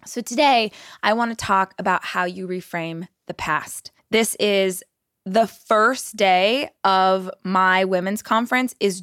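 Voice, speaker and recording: This woman hosts a motivational podcast, speaking earnestly and directly to her listeners. Her mid-range voice is recorded at studio quality with no room sound.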